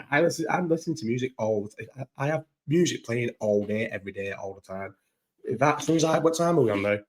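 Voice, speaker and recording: A man's voice: mid-range voice, animated, brisk. A young man chatting at home in a laid-back vlog, with a mid-range voice. He rambles, swears casually and keeps restarting his thoughts as he goes. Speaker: vlogger. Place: at home, indoors. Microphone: own recording setup, maybe not through the microphone.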